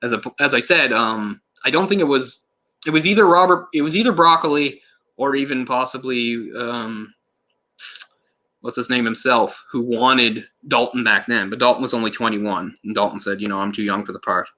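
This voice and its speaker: A man talks loosely over a movie in an offhand commentary, wandering between thoughts and correcting himself as he goes. His voice has a bright, forward edge at a mid pitch. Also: moderate pace. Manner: rambling, self-correcting, laughs and swears in passing. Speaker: film commentator.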